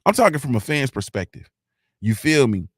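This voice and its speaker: A man hosting a boxing fan show in casual, slangy talk, excited and repeating himself as he goes. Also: medium pitch, moderate pace, breathy edge, dry recording, studio quality.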